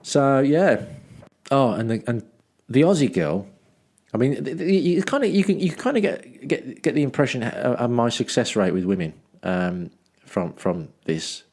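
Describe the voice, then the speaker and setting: A man's voice: medium pitch, expressive, normal speed, a little mellow. A man from Dudley reading his travel journal aloud as a podcast host, with wry self-mocking asides and rambling ums and restarts. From Dudley, England.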